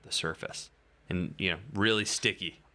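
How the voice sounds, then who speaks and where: Deadpan hesitant podcast co-host. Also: male voice, deep voice, moderate pace. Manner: deadpan, hesitant, dry jokes. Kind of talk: casual chat.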